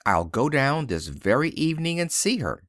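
A man doing a bright, eager young woman. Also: on the high side, sing-song, moderate pace, no echo, clean studio sound.

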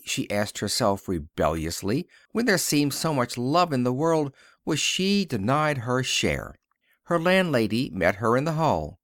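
A man's voice: mid-range voice, no room sound, studio quality. A man narrating an old-fashioned story as an audiobook, reading expressively. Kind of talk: scripted narration.

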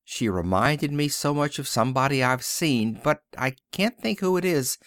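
An impulsive, warm-hearted young woman from an old-fashioned story, as a man reads her lines. She talks brightly and eagerly, her pitch lively. The recording is dry and close. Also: moderate pace, dry recording.

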